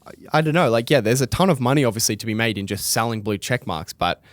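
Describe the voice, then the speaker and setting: A young adult man co-hosting a casual podcast chat, relaxed and rambling, with plenty of fillers and restarts. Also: mid-range voice, quick pace, dry recording. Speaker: podcast co-host.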